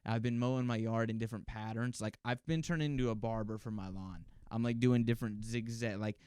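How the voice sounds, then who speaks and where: A man's voice: medium pitch, fairly even intonation, brisk, darkish tone, clean tone, no echo, clean studio sound. A man hosting a casual solo podcast, telling rambling, profane stories. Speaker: podcast host.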